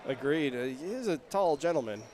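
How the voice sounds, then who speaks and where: A man calling a local high school basketball game play-by-play, chatty and getting louder on big plays. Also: animated, fairly quick, very noisy. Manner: chatty, rises in pitch and volume on big plays. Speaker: play-by-play announcer. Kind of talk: play-by-play commentary.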